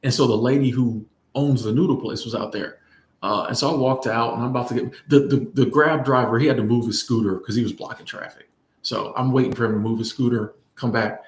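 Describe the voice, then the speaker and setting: A man's voice: mid-range voice, fairly even intonation, fairly quick, reverberant. A man chatting casually in a rambling storytime vlog, full of fillers and restarts. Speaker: vlogger. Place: in Bangkok.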